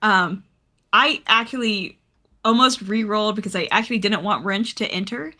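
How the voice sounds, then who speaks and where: A woman as dungeon master, narrating a tabletop game in an unhurried, playful way with frequent laughter. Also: mid-range voice, bright, forceful tone.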